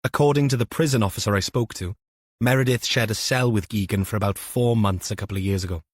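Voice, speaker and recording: A man reading a brisk female sergeant. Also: lowish voice, no echo, clean studio sound, natural voice. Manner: matter-of-fact.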